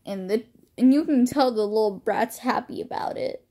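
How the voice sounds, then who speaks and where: A woman's voice: fairly high pitch, moderate pace, warm tone. A young woman chatting casually into a phone at home, rambling and self-deprecating about her drawings. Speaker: amateur artist. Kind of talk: casual chat.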